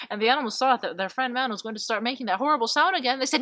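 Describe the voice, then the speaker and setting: Animated woman storyteller. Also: on the high side, fast talker, hardly any pauses, no echo. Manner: expressive, dramatic storytelling. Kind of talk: spoken folk tale narration.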